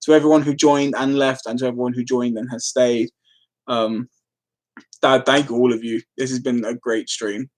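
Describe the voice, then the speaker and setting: A woman's voice: a bass voice, steady tone, normal speed, a little mellow, slight background noise. An Irish woman chatting casually on a live stream, giggling and breaking into frequent fits of laughter.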